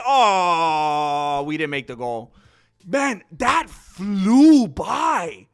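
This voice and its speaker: A man hosting a live stream, rambling casually to viewers and calling the fight with excitable outbursts. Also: high-pitched, extremely slow, faint music behind. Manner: rambling, talkative, addresses viewers as bro; excitable, loud bursts when reacting.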